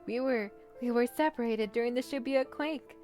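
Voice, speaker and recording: A woman's voice: a little high, moderate pace, a little mellow. A woman co-hosting a game let's-play, reading the narration and a boy's lines aloud with feeling. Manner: reads narration with feeling, laughs between lines. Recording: voice over game music. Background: faint game music.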